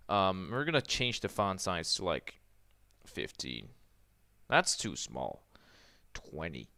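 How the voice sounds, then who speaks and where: A man's voice: lowish voice, pushed and bright, no room sound. A young man from the Netherlands commentating casually on his own game livestream, rambling, trailing off and restarting his sentences. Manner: rambling, trails off and restarts while fiddling with settings. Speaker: gaming streamer.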